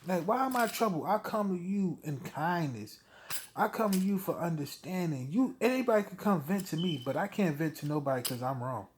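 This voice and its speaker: Vlogger, male, fairly high voice, blunt profane rant, heated delivery. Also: lively intonation, fairly quick, slight background noise. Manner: blunt, heated, swearing, with short laughs. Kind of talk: profane personal rant to camera.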